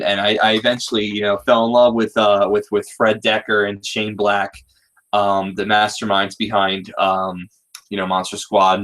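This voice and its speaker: A man's voice: on the low side, a bit bright. A man in his thirties hosting a casual group talk, rambling with many fillers and restarts. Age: 30s. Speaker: podcast host.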